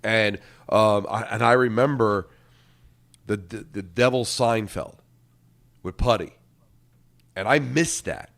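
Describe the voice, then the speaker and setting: Middle-aged New man, low voice. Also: slow pace, creaky, pauses often, fairly bright tone. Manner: rambling, repeats words while thinking. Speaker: sports radio host. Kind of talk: sports talk radio chat.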